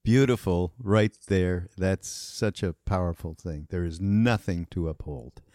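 A man hosting a podcast in a casual interview, with soft affirming murmurs. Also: low-pitched, a little slow, no echo, studio quality. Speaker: podcast host.

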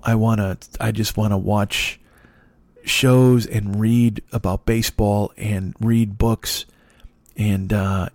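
A man hosting a solo podcast from his dark apartment, telling rambling, profane stories in a casual monologue. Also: on the low side, no room sound. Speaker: podcast host.

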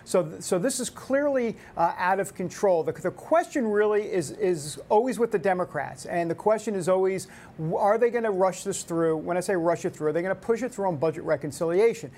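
A man's voice: high voice, fairly quick, a little mellow. A man hosting a talk show, giving casual political commentary in a rambling way. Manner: rambling, with many restarts and fillers.

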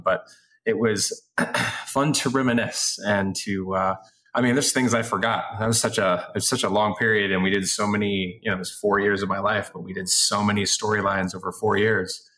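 A man's voice: low voice, a bit bright. A man being interviewed as a guest, talking in a rambling, self-deprecating way. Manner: rambling and self-deprecating, with many fillers and restarts. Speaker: guest actor. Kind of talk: casual interview chat.

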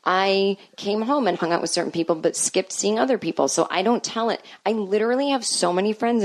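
Brief: woman comedian in her 40s, rambling and self-deprecating, with a lowish voice. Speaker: podcast host, comedian. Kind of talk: casual comedic monologue.

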